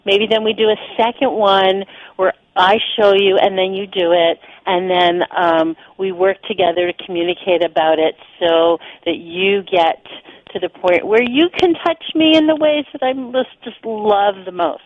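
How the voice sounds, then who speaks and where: A woman, a guest sexuality teacher, explaining ideas in a relaxed conversational way during a radio interview, with fillers and restarts. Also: medium pitch, normal speed, no echo. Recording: slightly dull lo-fi radio audio.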